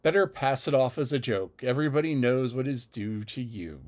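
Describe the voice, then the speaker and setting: A man's voice: mid-range voice, expressive, normal speed, darkish tone, natural voice. A man voicing a fawning young husband who murmurs placating agreement.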